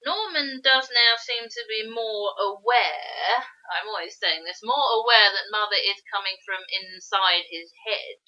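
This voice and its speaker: A woman's voice: mid-range voice, unhurried, hardly any pauses, sharp tone, lo-fi sound. A woman co-hosting a podcast, earnestly explaining and analysing film characters in casual chat. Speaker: podcast co-host.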